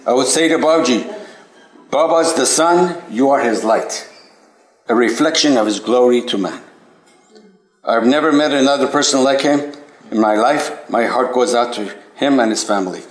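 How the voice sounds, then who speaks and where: A man sharing personal memories with a group at a spiritual center, hesitant, with many restarts, rising high and animated when amazed. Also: moderate pace. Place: meeting room at a spiritual center. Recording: echoey room recording.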